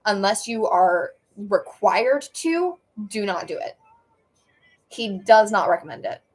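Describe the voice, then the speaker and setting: A young woman on a live stream reads her own story aloud, her voice sitting at an ordinary middle pitch. She often trips over a phrase and restarts it, mixing the reading with casual asides. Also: big pitch swings, slow pace, slightly rough, low-quality recording. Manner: stumbles and corrects herself mid-sentence.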